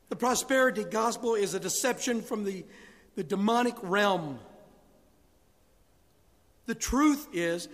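A man's voice: sits high, fairly bright tone. A man preaching a sermon with rising emphasis, acting out biblical dialogue. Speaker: pastor. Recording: long hall reverb.

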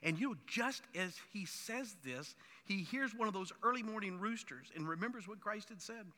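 A man's voice: sits high, animated, moderate pace, bright, forceful tone, big-room sound. A man preaching a sermon, emphatic and building in force as he drives his points home. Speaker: pastor.

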